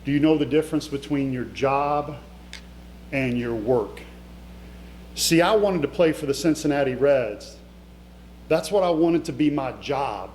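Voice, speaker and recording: A middle-aged keynote speaker gives an emotional, conversational motivational talk, telling stories straight to his audience in an event hall. His medium-pitched voice is animated and darkish, at a measured pace with long pauses. The hall is echoey, with a faint hum.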